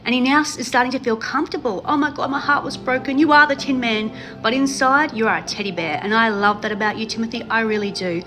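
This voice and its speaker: A woman's voice: a little high, quick pace, hardly any pauses, music in the background. A woman chatting casually to her viewers about a reality show, gushing and emphatic, repeating herself for effect. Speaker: reality TV commentary host. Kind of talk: casual chat to camera.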